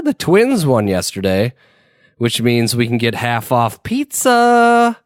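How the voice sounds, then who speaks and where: Lively podcast guy, smooth voice. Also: medium pitch, measured pace, dry recording, studio quality. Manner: animated, acts out quoted exchanges, swears casually. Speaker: podcast co-host. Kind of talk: casual chat.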